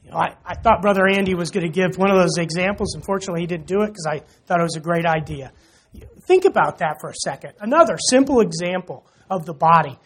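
A man's voice: high voice, fast, few pauses, fairly bright tone, breathy edge. A man preaching a sermon in church, talking casually and joking with the congregation. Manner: conversational, jokes with the congregation, frequent "you know".

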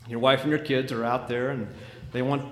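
A man's voice: mid-range voice, level tone, brisk. Dramatic male preacher in an echoey hall. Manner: dramatic storytelling, swinging from loud to hushed. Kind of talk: sermon illustration. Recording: echoey hall with faint noise.

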